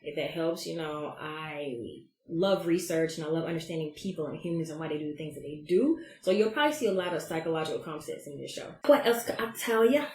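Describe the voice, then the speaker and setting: Brief: woman, 30s, podcast host, loud and profane, lowish voice, echoey room with faint background noise. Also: fairly quick. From Georgia, US. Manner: brash, profane, animated. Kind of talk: casual solo podcast monologue.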